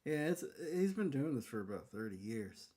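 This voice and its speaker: A man's voice: medium pitch, big pitch swings, moderate pace, warm tone, slightly rough. Laid-back, hesitant male podcast host. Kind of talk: casual chat.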